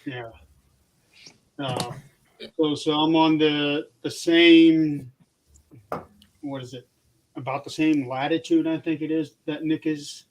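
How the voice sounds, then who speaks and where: A man from Indiana in a casual group chat, speaking in a halting, hesitant way. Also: on the high side, fairly even intonation, low-quality recording. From Fort Wayne, Indiana.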